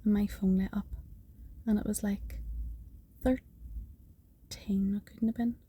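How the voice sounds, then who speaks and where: A woman's voice: mid-range voice, fairly even intonation, slow, warm tone, breathy edge. A woman telling a personal faith testimony in an earnest, half-whispered way, repeating phrases for emphasis.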